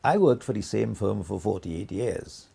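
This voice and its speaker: A man's voice: lowish voice, lively intonation, unhurried, vocal fry, dark tone, slightly rough, heavily acted. An actor playing an older man with mild hearing loss, speaking plainly and reflectively in a scripted testimony. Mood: candid. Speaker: actor voicing a retired quality manager's testimony.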